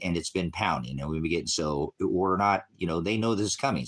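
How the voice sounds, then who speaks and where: A man speaking in a rambling, meandering monologue, jumping from topic to topic while at home. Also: sits low. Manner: meandering, jumps between topics. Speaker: religious livestreamer. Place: at home with a puppy.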